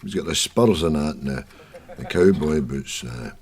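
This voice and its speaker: A grumpy old Scotsman. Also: moderate pace. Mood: bickering. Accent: Scottish. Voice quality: grumbling, bickering, lively pitch. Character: grumpy old Scottish man named Jack. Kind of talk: sketch comedy acting.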